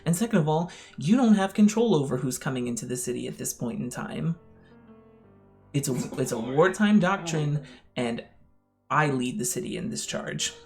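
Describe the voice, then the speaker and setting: A man's voice: on the high side, animated, moderate pace, gravelly, darkish tone, soft background music. A man playing a curt woman general. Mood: dismissive. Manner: curt, commanding. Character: brusque commanding woman army general.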